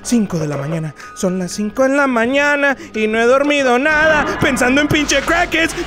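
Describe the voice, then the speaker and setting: A young man with a Mexican accent commenting on a horror game, joking and swearing, breaking into panicked yelling and Spanish. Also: very high-pitched, expressive, a little fast, hardly any pauses, over loud music. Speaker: gaming YouTuber.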